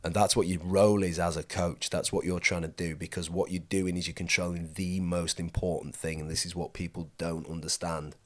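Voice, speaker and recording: Brief: very low male voice, emphatic coach hosting a podcast, repeats himself for stress. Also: little pitch movement, fairly quick, few pauses. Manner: emphatic, repeats his points. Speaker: host and skydiving coach. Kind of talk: podcast conversation.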